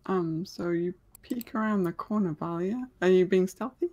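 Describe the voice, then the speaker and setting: A woman's voice: on the low side, normal speed, dark tone. A woman running a tabletop game as game master, narrating scenes in a hesitant way with many ums.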